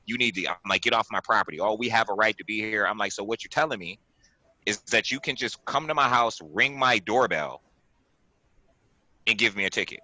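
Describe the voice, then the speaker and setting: A man in his forties, a podcast host, telling a story on a video call in an animated, emphatic way, often repeating himself and acting out what people said. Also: on the low side, a little fast, no echo, rough recording. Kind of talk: casual storytelling chat.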